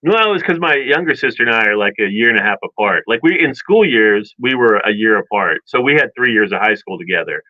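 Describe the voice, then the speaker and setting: A man's voice: lowish voice, expressive, fast, hardly any pauses, dry recording, muffled recording. A man co-hosting a radio show, telling a long rambling childhood story in casual chat and acting out family quotes. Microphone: studio microphone.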